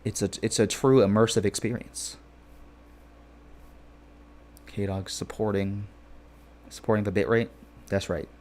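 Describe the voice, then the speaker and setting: A man's voice: lowish voice, little pitch movement, moderate pace, darkish tone. A man streaming a game and chatting casually with viewers, rambling and playful with lots of filler phrases. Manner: jokey and playful. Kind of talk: casual live-stream chat.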